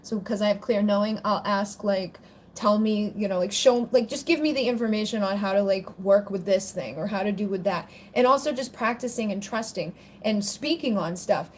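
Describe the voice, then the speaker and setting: A woman's voice: medium pitch, normal speed, a little hiss or hum. A woman hosting a casual livestream Q&A on spiritual topics, chatty and rambling with plenty of "like" fillers. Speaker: spiritual channel host answering viewer questions.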